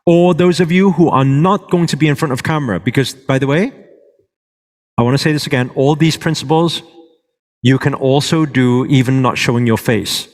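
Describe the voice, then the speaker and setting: A man's voice: mid-range voice, moderate pace. A man teaching a live workshop to an audience, checking in with them often and moving around as he speaks. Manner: moves around while speaking. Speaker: workshop presenter. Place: large hall with a live audience. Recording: reverberant hall.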